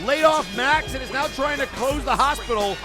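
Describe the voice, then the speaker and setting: A man calling play-by-play for an online wrestling show, excitable and bursting into frantic shouting at big moments. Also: very high-pitched, moderate pace. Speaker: wrestling commentator. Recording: loud music and crowd noise behind.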